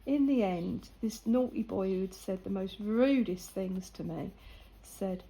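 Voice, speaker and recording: A woman's voice: mid-range voice, a little slow, mellow, slightly rough, rough recording. An older woman, chatting casually and laughing as she tells a story while colouring.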